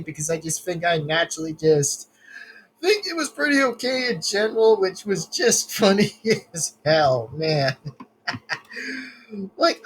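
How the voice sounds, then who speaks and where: A man's voice: high voice, a bit bright, a little hiss or hum. A man rambling through casual reaction commentary, laughing often and swearing. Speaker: video reactor.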